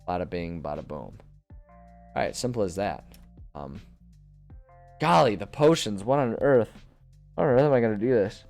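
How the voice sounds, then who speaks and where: A man streams from his desk at home, casually chatting and thinking aloud as he plans a tabletop campaign, rambling and correcting himself along the way. His lowish voice is expressive, a little mellow and creaky, moving at normal speed with frequent pauses. A desk microphone picks him up, with faint music in the background.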